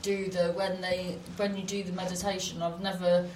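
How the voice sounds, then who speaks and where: A woman's voice: lowish voice, little pitch movement, moderate pace, a little mellow. Rambling woman on a roomy mic. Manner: rambling, trailing off and restarting sentences. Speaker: comedian, podcast co-host. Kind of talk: casual podcast chat. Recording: roomy, distant mic with faint noise.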